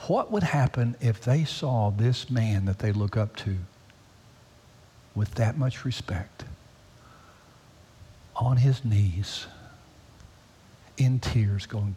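A man preaching a sermon as pastor, swinging from loud, high pleading to hushed near-whispers. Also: takes it slowly, long pauses, a little hiss or hum. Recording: long hall reverb.

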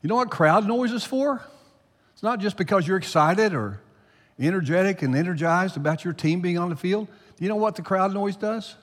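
A man preaching a sermon to his congregation, climbing loud for emphasis and then dropping low. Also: lively intonation, moderate pace. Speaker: pastor. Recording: long hall reverb.

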